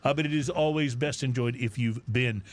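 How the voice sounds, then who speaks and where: A man's voice: mid-range voice, fairly quick. A man co-hosting a podcast, casually chatting and reading out comic news stories. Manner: jokey, animated storyteller. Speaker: podcast co-host.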